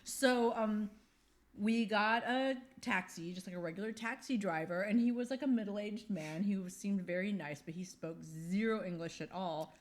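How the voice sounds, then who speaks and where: A woman in her fifties co-hosts a casual podcast, telling stories with animated energy. She slips into the voices of the people she describes as she goes. Her voice sits at an ordinary mid pitch for a woman. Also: moderate pace. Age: 50s. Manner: animated storyteller, acts out voices in her anecdotes. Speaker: podcast co-host. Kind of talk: casual chat.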